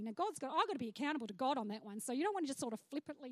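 An Australian woman delivers a sermon from a church stage in a very high voice. The sound is dry and close, with no room echo. She preaches in a chatty, frank way, breaking off for asides. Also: big pitch swings, racing, few pauses, a little mellow. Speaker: pastor.

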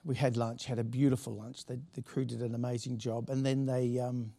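A man's voice: medium pitch, little pitch movement, a little fast, warm tone. A middle-aged man, a pastor telling a story from the pulpit in a chatty, laughing way with many restarts. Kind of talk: sermon anecdote.

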